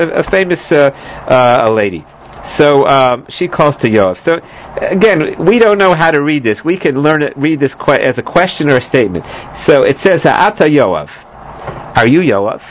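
A man's voice: mid-range voice, a little hiss or hum. A man teaching a scripture lesson, rambling with many fillers, restarts and joking asides, in a dull lo-fi recording. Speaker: Bible teacher. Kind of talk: lecture on scripture.

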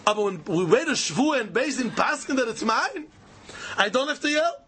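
A man giving an animated Talmud lecture, repeating key phrases for emphasis. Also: very high voice, normal speed, a little hiss or hum. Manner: animated, repeats phrases, mixes Yiddish and Hebrew terms. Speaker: Talmud teacher. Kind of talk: yeshiva-style Talmud lecture.

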